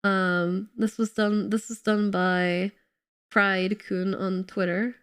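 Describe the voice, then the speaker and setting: A woman streaming a game, chatting casually and excitedly with her viewers while slightly ill and coughing. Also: medium pitch, takes it slowly, clean tone. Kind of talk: casual live-stream chat while playing.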